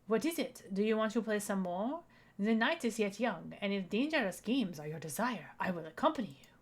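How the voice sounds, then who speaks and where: A woman voicing a courtly male pigeon gentleman in a deliberately bad, exaggerated French accent. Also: medium pitch, animated. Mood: flirtatious. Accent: fake French.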